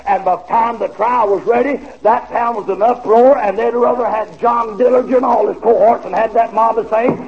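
A man preaching, telling a story in a folksy, animated way on a dull, old recording with faint hiss. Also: very high-pitched, moderate pace, gravelly, few pauses. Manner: folksy, animated storytelling with laughter and drawled asides. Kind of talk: storytelling sermon.

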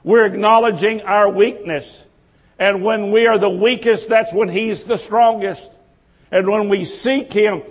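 High-voiced man preaching slowly in a hall. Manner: impassioned, repetitive preaching cadence. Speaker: pastor. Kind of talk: sermon.

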